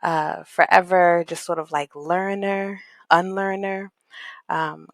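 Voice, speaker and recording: Slow, low-voiced reflective woman guest. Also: steady tone, dry recording. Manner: thoughtful, searching, heavy use of "like" and "um"; warm, earnest, spiritual. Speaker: podcast guest, equity coach and consultant. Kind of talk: reflective conversational interview.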